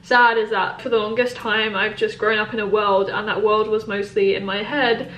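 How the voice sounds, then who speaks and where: A woman's voice: medium pitch, fairly even intonation, normal speed, fairly bright tone, lo-fi sound, slight background noise. A young woman vlogging casually as she answers viewer questions, candid and emphatic, with a rambling, chatty flow. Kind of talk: casual Q&A vlog. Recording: roomy echo.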